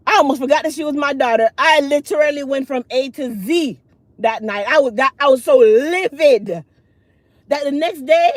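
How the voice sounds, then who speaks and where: A woman's voice: sits high, normal speed, no echo. A middle-aged woman, telling viewers a long story in casual chat and acting out the people in it. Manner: animated, acts out the other people in the story. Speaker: vlogger and channel host.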